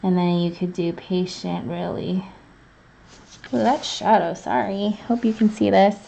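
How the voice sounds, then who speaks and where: A woman's voice: medium pitch, level tone, a little slow, vocal fry, warm tone, highs cut off. A woman teaching calligraphy in a live online lesson, chatty and thinking aloud as she writes, with many fillers and restarts. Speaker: calligraphy instructor. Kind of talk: live online lesson, demonstrating while writing.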